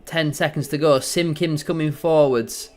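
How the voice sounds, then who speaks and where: An excitable man giving gloating, bantering live commentary as a football fan on a match watchalong stream. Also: on the high side, normal speed.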